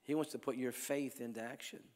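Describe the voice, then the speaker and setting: A man preaching at a healing crusade, telling stories and swinging between loud calls to the crowd and hushed lines. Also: medium pitch, steady tone, brisk. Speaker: evangelist preacher. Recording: long hall reverb.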